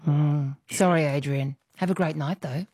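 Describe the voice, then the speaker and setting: A woman's voice: low-pitched, steady tone, measured pace, darkish tone. An Australian woman hosting a call-in radio quiz, chatty and friendly. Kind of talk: casual radio chat.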